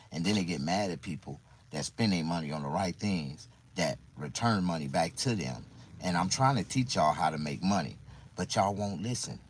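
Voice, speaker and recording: A man's voice: low-pitched, a little hiss or hum, rough recording. A man talking casually to viewers on a livestream, rambling and repeating himself in mock confusion.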